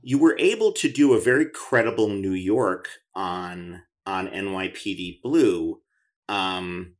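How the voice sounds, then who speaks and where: Low-voiced chatty man hosting. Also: slow pace, faint music behind. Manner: chatty, enthusiastic, many restarts. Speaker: podcast host. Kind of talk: conversational interview.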